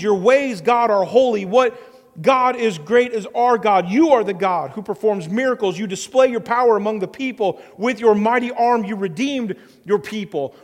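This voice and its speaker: A man's voice: high voice, a little mellow. A man preaching a sermon as pastor, earnest, with a repetitive preaching cadence. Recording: long hall reverb.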